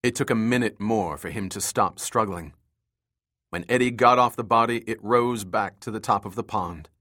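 A man's voice: on the low side, normal speed, sharp tone. Man narrating a thriller audiobook. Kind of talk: scripted narration.

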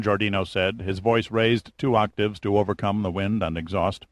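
A man reading an audiobook's narration in an even, measured way. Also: fairly low pitch, no echo.

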